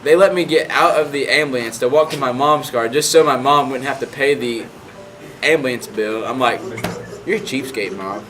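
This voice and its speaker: Over music and through poor audio, a late-teen young man casually recounts something that happened to him. His mid-range voice keeps a normal speed while he rambles, dropping "like" constantly.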